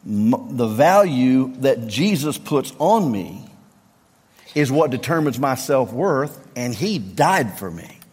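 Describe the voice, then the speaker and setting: A middle-aged man with a Southern US accent preaching a sermon, emphatic, repeating refrains and swinging from low tones to near-shouts. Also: sing-song, slow pace, husky. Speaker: pastor. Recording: long reverb of a large hall.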